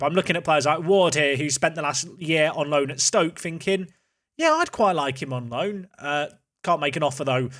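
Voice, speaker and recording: A man's voice: fairly high pitch, a bit bright. A man hosting casual gameplay commentary, chatty and thinking aloud as he plays. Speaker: host.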